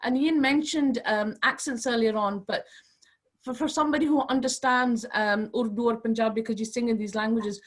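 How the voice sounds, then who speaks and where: Woman, interview host, effusive, halting with fillers, a little high-pitched. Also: fairly even intonation.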